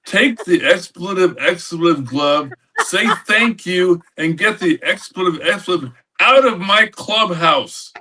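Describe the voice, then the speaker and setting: A man putting on the slow drawl of a gruff, cussing male ballplayer in a told story. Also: high-pitched, expressive, sharp tone, pitched above the performer's own voice, heavily acted, low-quality recording. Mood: exasperated. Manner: slow, drawn-out, exasperated.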